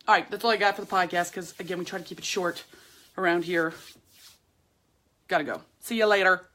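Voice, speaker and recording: A woman's voice: on the low side, fairly even intonation, brisk, fairly bright tone, slight background noise. A woman hosting her own podcast, giving a chatty, emphatic motivational monologue full of slang, talking straight to the camera. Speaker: podcast host. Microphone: camera, speaking to viewers.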